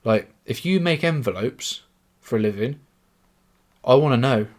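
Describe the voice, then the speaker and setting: A man's voice: mid-range voice, lively intonation, a little slow. A young man with an English accent, talking in a rambling, self-mocking solo monologue with plenty of swearing. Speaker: podcaster. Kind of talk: casual monologue.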